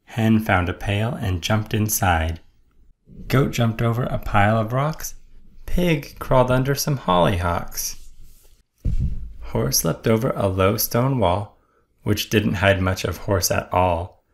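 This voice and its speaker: Slow, gravelly storytime dad. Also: male voice, lowish voice. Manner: gentle, rhythmic rhyming delivery. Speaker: children's storyteller. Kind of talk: bedtime read-aloud.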